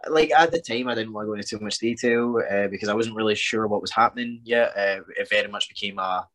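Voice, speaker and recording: A man's voice: on the low side, quick pace, a bit bright. A man, a sniffly podcast guest getting over a cold, talking in an eager, upbeat way. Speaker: guest, wrestler and promoter. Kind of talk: casual chat.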